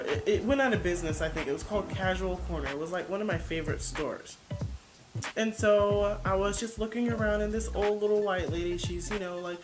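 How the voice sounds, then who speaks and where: A woman vlogger giving casual reaction commentary, blunt and defensive, rambling as she searches for words. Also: medium pitch.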